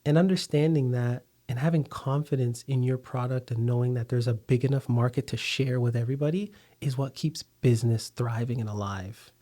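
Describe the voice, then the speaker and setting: Mellow-voiced man telling his business story. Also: medium pitch, brisk, hardly any pauses. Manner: thoughtful, steady storytelling with fillers. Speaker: food company founder, guest. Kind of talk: conversational interview.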